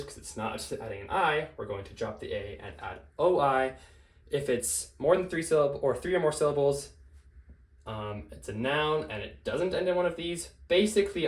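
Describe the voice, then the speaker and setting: A man gives a casual grammar lesson at an everyday mid-range pitch, patiently laying out the rules step by step. He talks loosely, with plenty of fillers and quick self-corrections. The recording carries a noticeable room echo. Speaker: language teacher.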